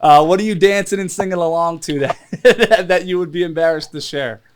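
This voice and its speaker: A man's voice: fairly high pitch, a little fast, slight background noise. An American man hosting a casual talk show, asking joking questions and laughing often. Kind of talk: casual interview chat.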